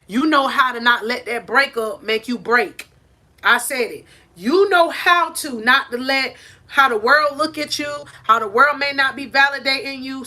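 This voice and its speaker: Emphatic, bright-voiced woman coach. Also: fairly high pitch. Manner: preachy, emphatic, repeats "I said it". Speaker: life coach. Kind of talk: motivational talk to camera. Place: on a porch outdoors. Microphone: phone held in hand.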